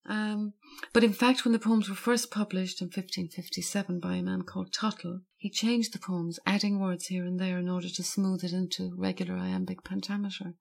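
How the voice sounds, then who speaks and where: A woman's voice: on the low side, little pitch movement, a little fast, creaky, few pauses, a little mellow. A woman talking thoughtfully about a poem in an unscripted conversation, with frequent hesitations. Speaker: poetry guest discussing a poem. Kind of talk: conversational literary discussion.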